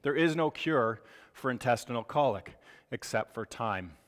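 A man in his forties giving a board review lecture, joking and animated, often asking rhetorical questions. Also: mid-range voice, moderate pace. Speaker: medical lecturer. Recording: long hall reverb.

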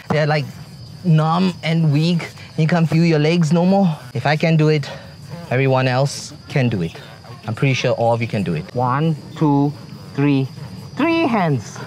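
A slightly high, somewhat dark male voice carries this casual hiking vlog, with a little background noise. He's breathless on a forest trail, cracking jokes and complaining to viewers as he ascends.

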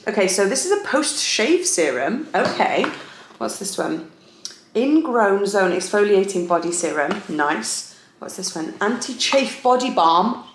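Chatting casually to camera, a young vlogger sounds bubbly and leans on lots of fillers, speaking at home indoors and out on walks. Her mid-range voice is sing-song and measured in pace, recorded with roomy echo and faint noise.

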